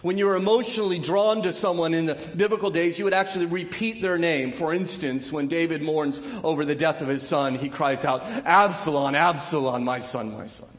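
A man preaching a sermon as pastor, impassioned and building to loud emphatic peaks, often repeating words as he restarts. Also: fairly high pitch, steady tone, brisk, hardly any pauses, in a large hall.

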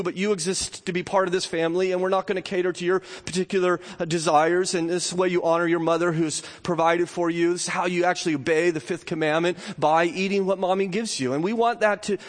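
A man giving an earnest sermon as a pastor, his voice dropping low and soft and then rising high and loud. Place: church sanctuary. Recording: long hall reverb.

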